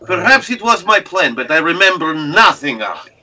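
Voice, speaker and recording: A man playing John Henry, husky and stiffly formal. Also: fairly high pitch, moderate pace, full character voice. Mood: matter-of-fact. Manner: stiff formal speech, broken grammar, deadpan. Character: John Henry, big strong folk hero man, earnest loyal buddy. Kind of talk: tabletop role-play in character.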